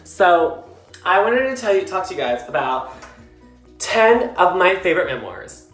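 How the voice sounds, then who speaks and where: A man's voice: high-pitched, very animated, unhurried, a bit bright. A tipsy man sitting in his bathtub, chatting casually and rambling about books with lots of fillers and giggles. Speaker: book vlogger. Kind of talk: casual rambling book talk. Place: in a bathtub, tiled bathroom. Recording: echoey bathroom with faint music.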